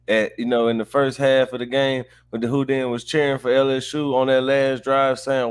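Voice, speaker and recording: A man's voice: mid-range voice, little pitch movement, moderate pace, hardly any pauses, clear, resonant tone. A man co-hosting a sports podcast, speaking bluntly and emphatically in casual talk. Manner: blunt, emphatic, says "bro". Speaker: podcast co-host.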